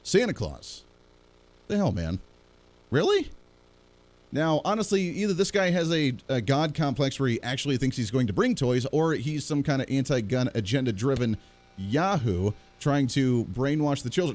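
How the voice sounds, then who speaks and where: Animated, sarcastic male talk host. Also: mid-range voice, moderate pace. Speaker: radio talk show host. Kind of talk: opinionated talk commentary.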